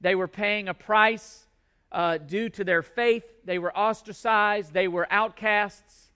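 A man's voice: sits high, steady tone, slow pace, pushed and bright, clear, resonant tone. A male pastor delivering a sermon to his congregation in a church, emphatic and repeating key words for stress.

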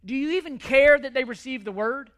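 A man's voice: very high-pitched, brisk, a bit bright. A middle-aged man preaching a sermon, earnest and pleading, often repeating words as he restarts. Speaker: pastor.

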